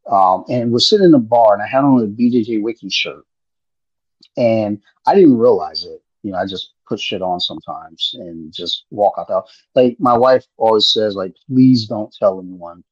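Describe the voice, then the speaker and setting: A man's voice: on the low side, moderate pace, husky, no echo. A man in laid-back, rambling casual chat on a podcast, swearing freely. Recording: muffled lo-fi audio.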